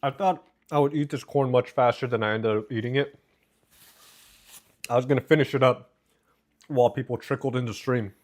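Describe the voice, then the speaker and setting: A man livestreams from home, eating while he chats casually and reads out the chat. His medium-pitched voice is darkish and fairly even, at normal speed with frequent pauses, captured by a noise-cancelling desk mic.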